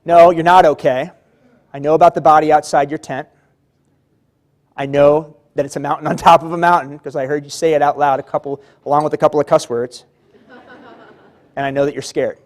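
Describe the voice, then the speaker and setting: A man telling a story voices a perceptive blind mountaineer who speaks steadily and reassuringly. The voice sits fairly high and stays encouraging throughout. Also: fairly even intonation, brisk, long pauses, natural voice.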